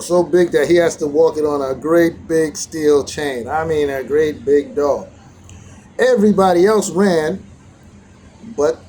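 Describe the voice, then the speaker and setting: A man's voice: a little high, a little mellow, slight background noise, low-quality recording. A man vlogging outdoors, telling a meandering reflective story as part of a daily teaching, with frequent restarts and bursts of animation when he retells being challenged.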